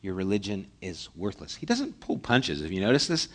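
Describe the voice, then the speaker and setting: A man giving a conversational sermon as a pastor, acting out little dialogues and dropping to a hushed voice for emphasis. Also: sits low, wildly swooping pitch, fairly quick. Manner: conversational preaching, acts out mock dialogues, drops to a hushed voice.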